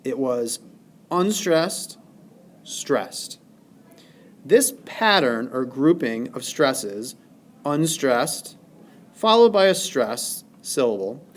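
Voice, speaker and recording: Male teacher, recorded lesson; slow, deliberate delivery, lively pitch, leans hard on stresses. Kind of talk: recorded classroom lesson narration.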